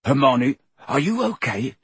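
A man voicing a cautious teenage schoolboy who speaks in low, urgent mutters. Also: sing-song, unhurried, a bit bright, slightly rough, no echo, heavily acted.

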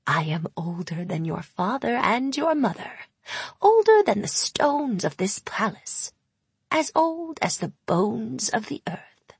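A woman's voice: a little high, sing-song, slow pace, slightly rough, no echo, heavily acted. A woman voicing a sly, cold, ancient female hag in an audiobook, with a purring, whispery delivery. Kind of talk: audiobook character voice.

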